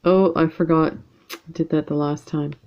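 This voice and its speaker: A Canadian woman who hosts a beading channel chats with viewers while working on a beading project at home, rambling casually and using lots of fillers. Her voice is low and steady at a moderate pace, and the audio sounds dull.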